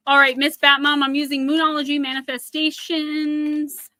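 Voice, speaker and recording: Bright-voiced New Jersey woman reading oracle cards. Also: high voice, dry recording. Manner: chatty, speaks directly to viewers by name. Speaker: oracle card reader. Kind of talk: live oracle card reading.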